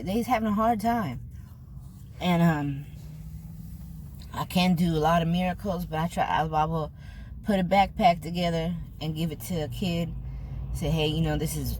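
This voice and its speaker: A woman's voice: lowish voice, darkish tone, a little hiss or hum. An older woman with a Californian accent talking earnestly to camera in a vlog, slangy and emphatic, getting choked up. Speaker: food vlogger. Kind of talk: casual heartfelt talk to camera.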